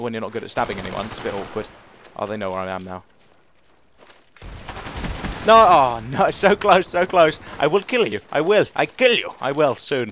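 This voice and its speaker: Young male gamer, quick and animated, self-mocking commentary over faint game noise. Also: medium pitch. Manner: excitable, self-mocking, repeats phrases, yelps when killed. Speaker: gaming commentator. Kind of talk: live gameplay commentary.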